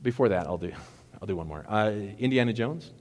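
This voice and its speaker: A man preaching a sermon in a relaxed, conversational way, retelling movie scenes and correcting himself as he goes. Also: fairly low pitch, brisk. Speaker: pastor. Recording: long reverb of a hall.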